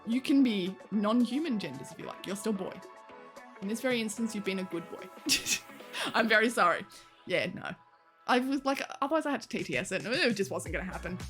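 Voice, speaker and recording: A woman's voice: mid-range voice, animated, fairly quick, a bit bright, faint music behind. A woman livestreamer chatting casually with her viewers, laughing often, swearing now and then and reading chat aloud.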